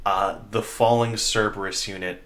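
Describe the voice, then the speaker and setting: A man narrating a tabletop game as game master, in a measured, descriptive way with many fillers. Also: lowish voice, steady tone, a bit bright.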